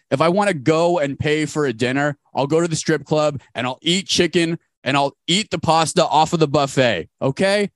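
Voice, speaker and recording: A man co-hosting a podcast over a video call, telling stories in a fast, animated way. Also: fairly high pitch, no room sound, clean studio sound. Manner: fast-talking, animated storytelling. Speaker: podcast co-host. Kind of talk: casual podcast chat. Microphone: remote call mic.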